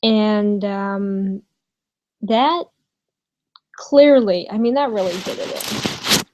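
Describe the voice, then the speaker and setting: A young woman talks slowly through a personal story in her bedroom, stopping often with ums and restarts. Her pitch sits in a middle range, and her tone stays casual with the odd swear. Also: slight background noise, rough recording. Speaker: vlogger.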